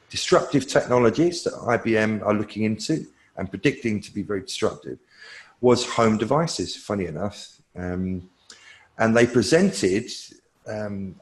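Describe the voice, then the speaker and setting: Male tech analyst guest, lower voice, loose conversational answers that think aloud. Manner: thinking aloud with fillers and restarts. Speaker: cloud technology analyst, guest.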